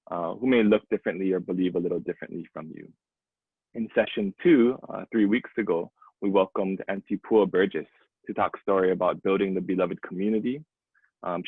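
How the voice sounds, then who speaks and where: A man's voice: sits low, slightly rough, no room sound, phone-quality sound. A man, hosting a webinar and reading a gracious, earnest introduction. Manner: earnest, gracious, a few fillers. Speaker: webinar host. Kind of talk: scripted introduction. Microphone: video call.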